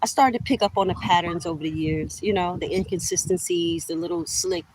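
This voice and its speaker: Her voice is fairly low and a little mellow, and she talks a little fast as this middle-aged vlogger rants straight to camera. She's heated and accusatory, repeats herself for emphasis, and calls her audience "y'all." The low-quality recording has a little hiss or hum.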